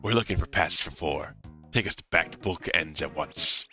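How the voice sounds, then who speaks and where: A man voicing a stern young male librarian hero, speaking in a low, measured and formal way. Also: sharp tone, faint music behind. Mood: earnest.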